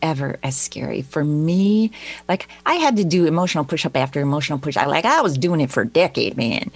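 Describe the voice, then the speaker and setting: Animated, fairly low-voiced middle-aged woman. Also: brisk. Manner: candid, animated. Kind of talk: casual podcast discussion.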